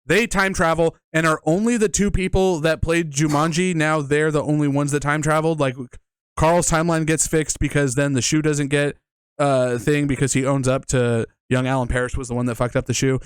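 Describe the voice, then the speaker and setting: A man's voice: on the high side, steady tone, fairly quick, clean tone, dry recording. A man co-hosting a casual movie review podcast, rambling and swearing as he picks apart plot holes. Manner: rambling, profane, restarts often. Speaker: podcast co-host.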